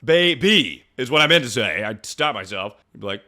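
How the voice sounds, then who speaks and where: A man's voice: on the low side, expressive, quick pace, sharp tone. A young man streaming, riffing on viewer stories in crude, rambling casual chat. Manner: rambling, joking, trails off into mumbles.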